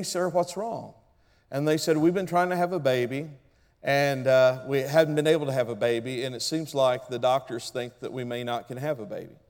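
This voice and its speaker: A man's voice: fairly high pitch, long reverb tail. A man preaching a sermon as pastor, telling stories and calling on the congregation to respond.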